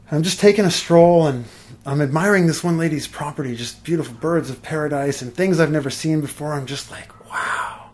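A man, an energy healer, chatting casually and telling lively stories, swearing and laughing as he goes. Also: fairly high pitch. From Los Angeles. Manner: animated, swears, laughs through his stories. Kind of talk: casual storytelling in conversation.

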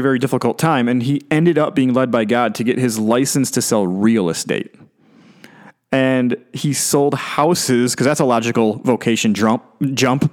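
A man who is a pastor, preaching in a conversational, animated way and often restarting or repeating his words. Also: mid-range voice. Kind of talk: conversational sermon.

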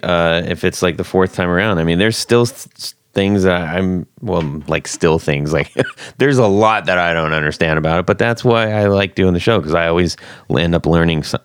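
A man's voice: low-pitched, moderate pace, clear, resonant tone, no room sound. A man hosting a casual podcast interview, talking hesitantly with many fillers and restarts. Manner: hesitant, filler-heavy, chuckling. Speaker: podcast host.

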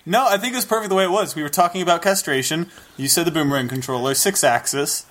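A man's voice: on the high side, a bit bright. Teasing man with a light voice. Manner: teasing, quick wisecracks and laughs. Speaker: podcast co-host. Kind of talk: casual comedic banter.

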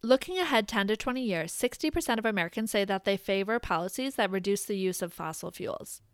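Woman host reading facts off a script, smooth clear voice, dry close mic. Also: mid-range voice, dry recording. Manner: even, measured reading of figures. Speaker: podcast host. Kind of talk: scripted informational narration.

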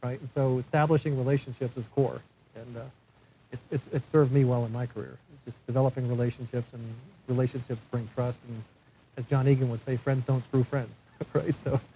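An older man speaking on a panel, telling a workplace story in a halting way, often repeating words and acting out quoted lines. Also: mid-range voice, flat delivery, mellow, slight background noise, poor audio. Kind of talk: casual anecdote on a panel.

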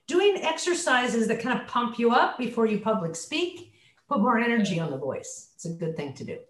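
Leading a coaching session over video call, a woman voice coach illustrates her points by shifting her voice into examples. She speaks at normal speed in a sing-song, fairly high voice, and the room is reverberant.

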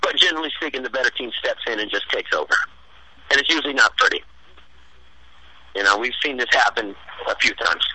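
A man's voice: mid-range voice, brisk, long pauses, sharp tone, husky, dry recording. A man calling in to a casual sports chat, teasing and rambling through his analysis over the phone. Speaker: caller, sports fan. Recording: tinny phone line.

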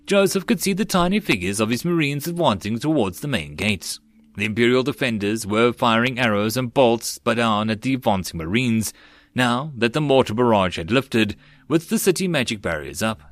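A man narrating a web novel audiobook in a steady storytelling manner. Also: mid-range voice, no echo.

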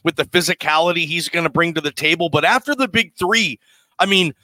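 An American man talking sports on the radio, chatty and quick to get excited as his thoughts jump around. His voice is bright and fairly high for a man, recorded close with a dry sound. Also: dry recording. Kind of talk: casual sports talk.

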